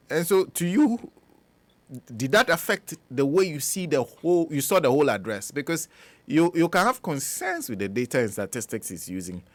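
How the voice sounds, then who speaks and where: A woman's voice: low-pitched, dry recording. A woman hosting a radio interview, asking probing follow-up questions. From Ghana. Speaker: radio host.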